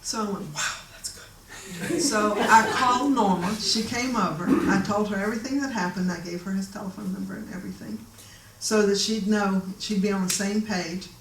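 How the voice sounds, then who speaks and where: A woman telling a story from her own life in a casual, animated way, often laughing and acting out the voices of the people in it. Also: medium pitch, a little fast, few pauses, crowd noise. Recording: echoey room, voice a bit distant.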